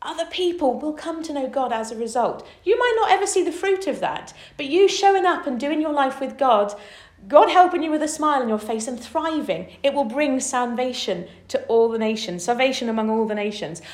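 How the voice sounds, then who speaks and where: A woman leading an informal Bible study, talking enthusiastically and climbing in pitch as she gets excited. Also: a little fast, echoey room. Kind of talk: informal preaching to a small group.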